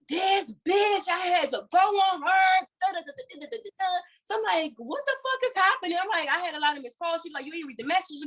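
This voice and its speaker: A woman co-hosting a podcast, telling a story in a heated, profane, animated way in casual chat. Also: sits high, low-quality recording. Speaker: podcast co-host.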